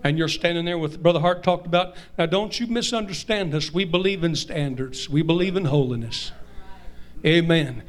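A man, preaching a Pentecostal-style sermon as pastor, repeating lines and rising to shouts. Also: on the high side, moderate pace.

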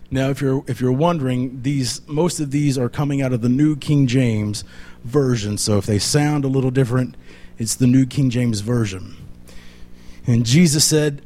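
A man's voice: medium pitch, normal speed, a little mellow. A man preaching a sermon, emphatic and full of repeated rhetorical questions.

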